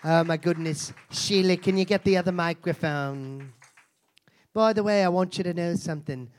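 A man's voice: sits high, moderate pace. A man hosting a live comedy show on a theater stage, mock-solemn and abrasive, swearing and laughing at his own jokes.

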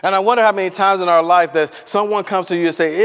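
A man's voice: high-pitched, fast, clear, resonant tone. Preacher man in a reverberant hall. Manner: animated storytelling, acting out voices and asking the congregation questions. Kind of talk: sermon. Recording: dull lo-fi sound with long hall reverb.

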